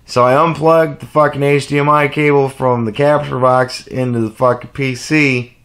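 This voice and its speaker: A man's voice: mid-range voice, little pitch movement, moderate pace, a bit bright. A man telling a rambling, profane story in a casual vlog rant. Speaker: vlogger.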